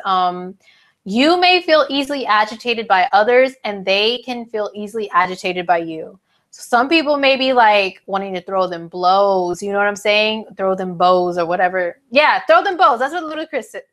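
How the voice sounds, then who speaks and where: A woman talks through astrology to her viewers in a loose, chatty way, full of slang and fillers. Her voice sits at a middling pitch and sounds a little stuffy from her sinuses. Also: a bit bright. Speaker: astrology video host. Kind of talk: casual talk to camera.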